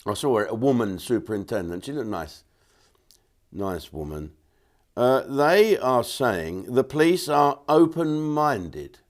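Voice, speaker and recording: Older comedian ranting blunt at the camera, voice swings up and down a lot. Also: male voice, mid-range voice, very animated, takes it slowly. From England. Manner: blunt, ranting, mimics others in quoted voices. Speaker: comedian host. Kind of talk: opinionated monologue to camera.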